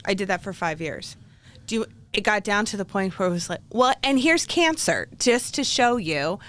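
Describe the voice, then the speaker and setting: A woman's voice: medium pitch, moderate pace, a bit bright. A woman hosting an interview, speaking earnestly and reflectively, a little emotional at times. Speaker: podcast host. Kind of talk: conversational interview.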